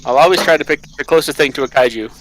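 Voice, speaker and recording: A man as a podcast guest, making wry quick remarks in casual chat. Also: fairly high pitch, fairly bright tone, a little hiss or hum, low-quality recording.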